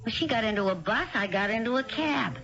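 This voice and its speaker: A brassy, streetwise former showgirl who talks blunt and tough. Her voice is fairly high and swoops a lot, with music playing under it. It sounds dull and lo-fi, like an old radio broadcast. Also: lively intonation, a little fast. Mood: suspicious. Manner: brash, blunt, tough-talking. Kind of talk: 1970s-80s radio drama acting.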